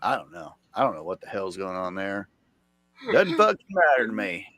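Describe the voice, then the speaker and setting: A man chatting casually on a live stream, rambling and swearing with sudden loud outbursts. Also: fairly low pitch, big pitch swings, normal speed, no room sound.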